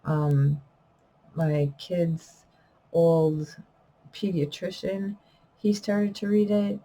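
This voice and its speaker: A woman's voice: on the low side, little pitch movement, extremely slow, dark tone, poor audio. A middle-aged woman talking casually to camera in an unedited vlog, rambling and correcting herself, a little wheezy. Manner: rambling, trailing off with fillers and self-corrections. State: wheezing, coughing. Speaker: vlogger and self-published poet.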